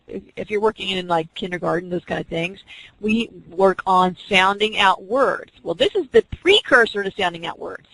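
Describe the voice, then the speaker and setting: A woman's voice: medium pitch, a bit bright, dry recording, low-quality recording. A woman teaching an online class, explaining reading skills step by step and acting out teacher and student examples. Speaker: teacher educator.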